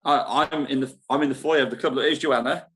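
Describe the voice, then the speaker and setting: A man's voice: medium pitch, steady tone, fairly bright tone, slight background noise. A man hosting a casual live-stream chat from a holiday park club foyer, talking in a rambling way and laughing easily. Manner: chatty, rambling, quick to laugh. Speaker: show host at a holiday park.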